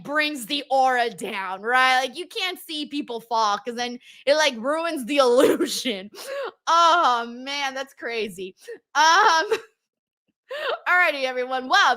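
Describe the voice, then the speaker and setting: A woman's voice: sits high, sharp tone. A woman hosting a live stream, reading viewers' comments aloud in casual chat, laughing often and swearing freely.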